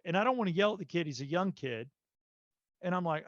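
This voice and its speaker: Male podcast host, slightly high voice, animated storyteller with lots of fillers, dry and slightly muffled audio. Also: brisk, dry recording. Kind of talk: casual podcast chat.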